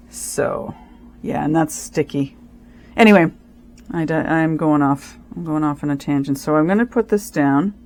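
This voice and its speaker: A woman's voice: deep voice, darkish tone. A woman hosting a casual craft tutorial, thinking aloud, restarting sentences and giving careful step-by-step instructions. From Canada. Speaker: craft channel host.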